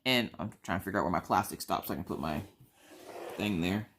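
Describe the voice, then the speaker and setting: A woman's voice: very deep voice, fast, breathy edge. A woman from South Carolina with a mixed Southern accent, chatting casually and telling a story while acting out the people in it. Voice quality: animated, acts out other people in the story. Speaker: craft vlogger.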